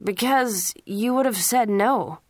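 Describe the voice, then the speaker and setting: A woman's voice: on the high side, takes it slowly, no room sound, pitched above the performer's own voice. A woman reading the lines of an unhappy teenage boy who answers his father plainly. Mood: subdued. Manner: subdued, plain.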